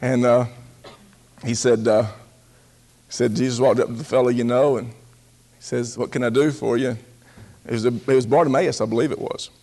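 This male pastor has a warm, steady, mid-range voice. His sermon is folksy and funny; he lingers on important words, performs quotes loudly and frequently breaks into laughter.

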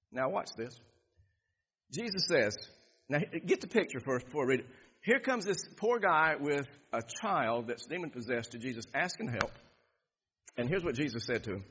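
A pastor preaching a sermon, reading scripture and repeating phrases for emphasis. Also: male voice, fairly high pitch, big pitch swings, normal speed, a bit bright, slightly rough. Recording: dull echoey hall.

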